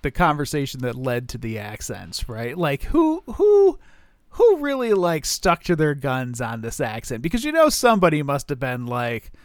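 A man's voice: medium pitch, big pitch swings, moderate pace, hardly any pauses, no room sound, studio quality. A middle-aged man co-hosting a podcast, chatting casually with lots of fillers and laughs. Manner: rambling, laughing, filler-heavy. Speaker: podcast co-host. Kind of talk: casual chat.

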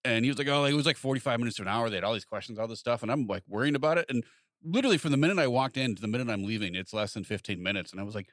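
A middle-aged man co-hosting a casual chat, telling stories and acting out quotes in lively voices. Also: mid-range voice, very fast, dry recording, studio quality. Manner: animated storyteller, acts out quotes in lively voices. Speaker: podcast co-host.

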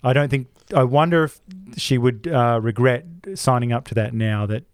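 A man's voice: medium pitch, moderate pace, clear, resonant tone, dry recording, clean studio sound. A man co-hosting a podcast, ranting in an opinionated casual chat with many restarts and asides. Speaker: podcast co-host.

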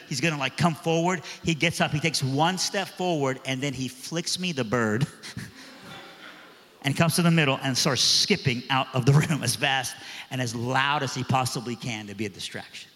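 A man preaches a sermon, telling a story animatedly and acting out the voices of its characters. His voice is mid-range and his pace moderate, with the long reverb of a large hall.

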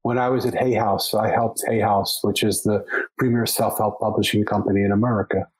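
A man's voice: fairly low pitch, little pitch movement, brisk, breathy edge, poor audio. A man, a podcast guest, telling a long story in conversation, often restarting and repeating words as he goes.

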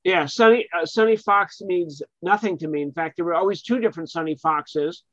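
A man's voice: sits high, brisk, a bit bright, dry recording. A man guest talking about comedy history in a rambling, hesitant way. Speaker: guest, publicist and author. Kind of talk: casual conversation. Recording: dull, dry sound.

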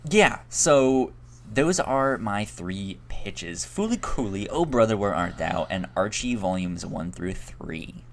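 A man's voice: on the low side, lively intonation, slow pace, slight background noise. A young man co-hosting a podcast, chatting casually with many ums and restarts. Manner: rambling, frequent ums and restarts. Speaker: podcast co-host. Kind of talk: casual chat.

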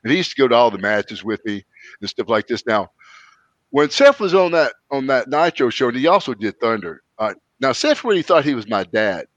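A man chats casually as a podcast host and slides into loose, folksy stories. The audio is dry and a bit dull, like a low-fidelity recording. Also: brisk, no room sound. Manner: folksy, rambling storyteller with lively quoted voices. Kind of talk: casual chat, storytelling.

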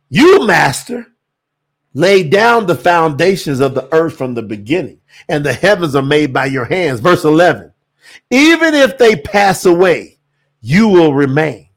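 A man hosts a livestream Bible teaching. His voice sits high and swoops wildly up and down as he preaches. He takes his time and breaks into sudden shouts. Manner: animated, preacherly, bursts into shouts.

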